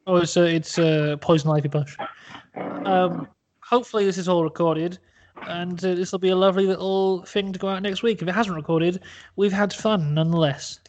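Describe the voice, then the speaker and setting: A man hosting a podcast, telling a long absurd story in an animated, rambling, profane way. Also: sits high, brisk. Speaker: podcast host. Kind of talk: comic storytelling.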